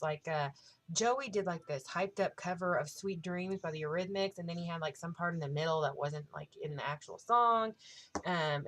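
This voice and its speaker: Chatty thirtysomething woman vlogging, all hyped up, kinda low voice, curses a lot. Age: 30s. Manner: excitable, gushing, swears freely. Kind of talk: casual storytelling vlog.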